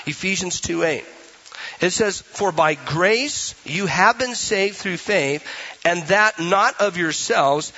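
A man's voice: fairly high pitch, bright, forceful tone, lo-fi sound. A man preaching a sermon as pastor, emphatic and full of rhetorical questions.

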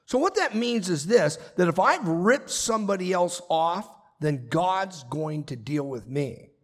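Man, pastor, earnest sermon, raspy voice, slightly high pitch, echoing church hall. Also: expressive, a little slow. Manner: earnest, emphatic preaching with repeated phrases. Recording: long reverb of a large hall.

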